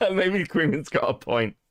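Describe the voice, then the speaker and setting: A man giving casual, profane live-stream commentary on chat, animated and laughing often. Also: sits high, dry recording.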